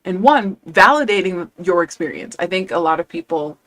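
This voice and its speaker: A woman's voice: on the low side, lively intonation, normal speed, a bit bright. A woman talking as a language coach in a casual live stream, chatty and enthusiastic, often quoting her students.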